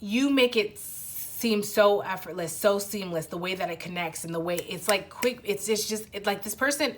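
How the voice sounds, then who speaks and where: A young adult woman gives a casual pick-a-card tarot reading, addressing the viewer in a rambling style full of restarts and fillers. Her mid-range voice is expressive, moving at normal speed with few pauses.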